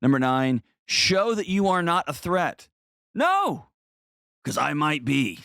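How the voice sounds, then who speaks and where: A man's voice: fairly high pitch, expressive, unhurried, creaky, fairly bright tone, smooth, no room sound, studio quality. A man hosting an advice show, talking bluntly and emphatically and repeating words for stress. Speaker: host.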